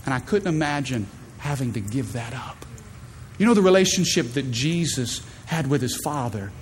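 A man's voice: mid-range voice, animated, normal speed, slight background noise. A man in his thirties preaching a sermon from a church stage, emphatic and calling out to the congregation. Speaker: pastor. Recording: long hall reverb, faint ambience.

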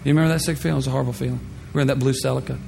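A man pastor telling a personal story in a sermon, animated, swinging from hushed to loud. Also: medium pitch, very fast, creaky. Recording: echoey hall with faint music.

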